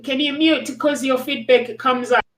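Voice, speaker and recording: Female moderator, high-ish voice, distant and echoey, short practical lines. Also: fairly even intonation, moderate pace, a bit bright. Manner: brief, hands over turns, gives tech instructions. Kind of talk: moderating a video call panel.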